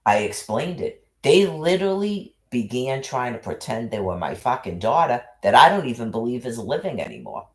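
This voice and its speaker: A man's voice: mid-range voice, big pitch swings, moderate pace, hardly any pauses. A man ranting into his livestream in an agitated monologue, cursing heavily and repeating himself as he piles up accusations.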